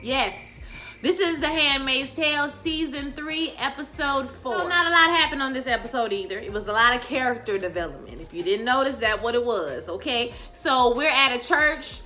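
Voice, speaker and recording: A woman talks her viewers through a TV episode in loose, slangy chat. Her voice is bright and somewhat high, and she bursts into loud acted-out lines. Faint music plays underneath. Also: moderate pace. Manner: animated, acts out characters' lines with loud outbursts; casual slangy speech, addresses viewers as y'all. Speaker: TV recap vlogger. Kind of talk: casual TV recap chat.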